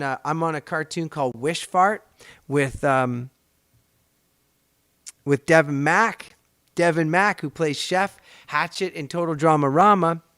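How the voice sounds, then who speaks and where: Smooth-voiced, animated Canadian man hosting. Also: on the high side, no echo, studio quality. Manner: animated, rambling, chatty. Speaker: podcast host and voice actor. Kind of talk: casual storytelling chat.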